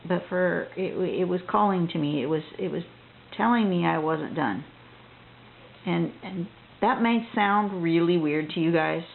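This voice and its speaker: A woman with a lowish, gravelly voice chats her way through a drawing lesson, thinking aloud and often restarting her sentences. The sound is thin and tinny, like a phone line, with a faint hiss underneath. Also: measured pace. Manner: chatty and rambling, with frequent restarts. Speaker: drawing instructor.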